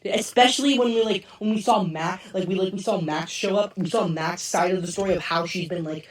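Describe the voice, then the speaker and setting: A hoarse-voiced man rambling excitedly through a casual review. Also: high voice, fairly quick. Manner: rambling and excitable, loses track of names. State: hoarse, strained voice. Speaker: show reviewer. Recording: roomy, distant mic.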